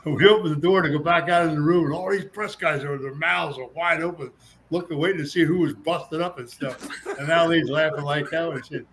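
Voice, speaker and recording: Older guy spinning old fight stories, does everyone's voices, slightly high-ish voice, bit of hiss behind. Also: fairly quick, rough recording. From United States. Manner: animated raconteur, acts out other people's lines in raised voices, laughs often. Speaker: interview guest, former boxer and actor. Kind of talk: storytelling in casual interview.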